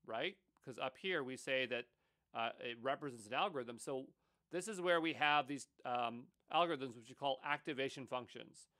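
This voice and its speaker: A man teaching a recorded tech course, relaxed and conversational as he talks over his slides. His voice is bright and forceful, sitting at an ordinary middle pitch. He thinks aloud with fillers and offhand asides. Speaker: course instructor. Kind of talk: casual lecture over slides.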